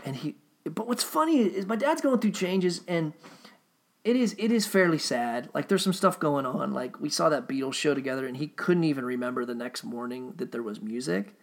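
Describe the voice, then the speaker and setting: Creaky-voiced man rambling casually. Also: fairly high pitch, expressive, normal speed. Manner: rambling and profane, with frequent restarts.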